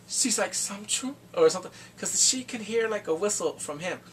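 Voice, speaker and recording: A man recapping a TV drama in casual talk, acting out the characters' lines in quick animated bursts. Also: high-pitched, far from the mic, slight background noise. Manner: animated, acts out quotes from the show in quick bursts. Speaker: drama reviewer.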